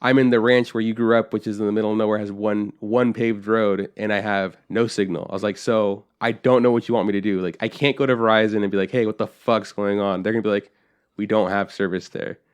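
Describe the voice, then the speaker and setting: A man's voice: lowish voice, flat delivery, fairly quick, smooth. A young man co-hosting a podcast, telling a rambling, profane story and acting out his family's lines in casual chat. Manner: rambling storyteller, swears freely, acts out family quotes. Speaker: podcast co-host.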